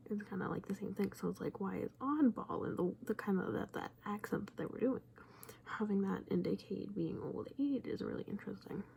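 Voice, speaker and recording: Young woman, gravelly, mellow, rambling reaction chat, slips into whispers, faint noise behind. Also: medium pitch, a little fast. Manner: rambling, often drops to a whisper. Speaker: viewer commenting on a video. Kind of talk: casual reaction commentary.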